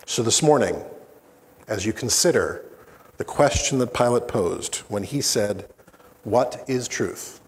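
A man preaching a sermon as pastor, slow and deliberate with dramatic pauses. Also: medium pitch, expressive. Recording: long hall reverb.

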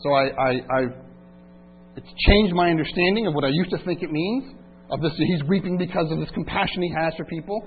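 A man preaching a sermon as pastor, swinging between loud emphatic passages and quiet reflective asides. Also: fairly high pitch, a little fast. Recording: tinny phone-like line with faint hum.

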